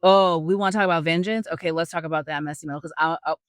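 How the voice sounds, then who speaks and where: A woman hosting a podcast, teaching a Bible story in a chatty, animated way with joking asides to her listeners. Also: sits low, very fast, no room sound, clean studio sound. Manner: chatty and animated, acts out quotes with big voice swings. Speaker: podcast host.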